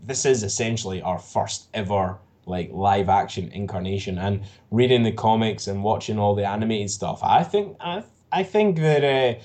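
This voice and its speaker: A man co-hosting a podcast who talks about films in an animated, excitable way and swears freely. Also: on the low side, moderate pace, few pauses. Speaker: podcast co-host. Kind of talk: casual podcast chat.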